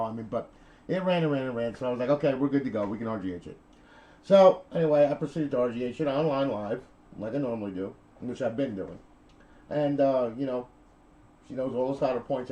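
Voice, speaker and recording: A man's voice: mid-range voice, dark tone, rough recording. A middle-aged man telling a console repair story in a chatty, rambling way, checking in with okay and all right as he goes. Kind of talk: rambling casual video talk.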